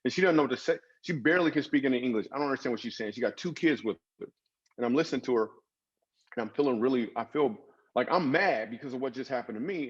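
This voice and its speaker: A man's voice: medium pitch, breathy edge, dull audio. A man guest on a podcast, a comedian and author, telling personal stories in an earnest, dramatic way with emphatic swings. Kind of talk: storytelling interview.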